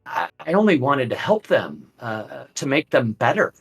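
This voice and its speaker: A man's voice: medium pitch, big pitch swings, normal speed, creaky, fairly bright tone, pitched above the performer's own voice. A man voicing a timid male abbot who stammers and pleads. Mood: stammering.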